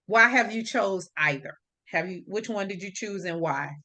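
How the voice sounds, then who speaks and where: A woman hosts a podcast in a relaxed, chatty way, often agreeing along with her guest. Her voice is bright and crisp, sitting at an ordinary pitch. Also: moderate pace. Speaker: podcast host. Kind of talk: casual podcast chat.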